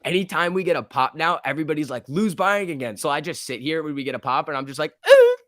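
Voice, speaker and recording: A young man hosting a casual stock-market livestream, talking excitedly, laughing often and reading chat messages aloud. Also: on the high side, rapid-fire, no room sound, studio quality. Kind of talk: casual live-stream chat.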